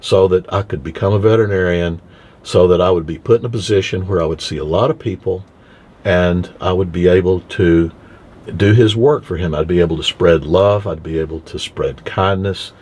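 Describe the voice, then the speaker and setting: Deep-voiced man telling a story. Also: a little mellow, slightly rough. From Texas. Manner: halting, with many restarts and repeated words. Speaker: veterinarian. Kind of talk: heartfelt personal storytelling. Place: inside a car, window open.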